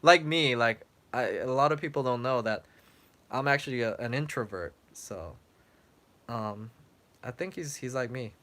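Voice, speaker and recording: A man's voice: mid-range voice, expressive, moderate pace, sharp tone. A young man, a travel vlogger, chatting casually on a livestream, answering viewer questions with lots of fillers, and his voice is getting worn out. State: losing his voice, clearing throat. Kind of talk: casual live-stream chat.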